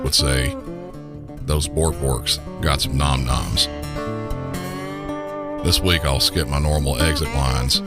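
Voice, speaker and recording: A man with a Southern accent, hosting a podcast and closing the episode in an easygoing, folksy way. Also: rumbling low. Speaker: podcast host. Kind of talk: podcast sign-off. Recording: over loud music.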